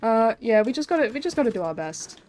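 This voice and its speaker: A woman's voice: a little high, big pitch swings, quick pace. Young australian woman, game streamer, rambling casual chat, swears a lot, faint background hiss. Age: young adult. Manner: rambling, swears freely, many fillers.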